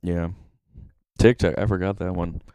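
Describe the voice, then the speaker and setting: Podcast co-host, male, low voice, jokey banter, dry close mic. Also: fairly even intonation, unhurried, warm tone, clear, resonant tone, dry recording, low-quality recording. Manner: jokey, keeps slipping into put-on voices. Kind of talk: casual chat.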